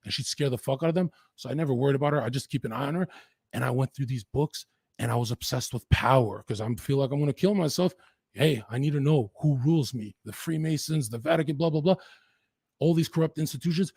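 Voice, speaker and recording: A husky-voiced man from western Canada speaks as a podcast guest, recounting his life in an intense, rapid-fire, profane rush. The recording is close and dry, with no room sound. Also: medium pitch, a little mellow, dry recording. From Lower Mainland, Canada. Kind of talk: candid storytelling in an interview.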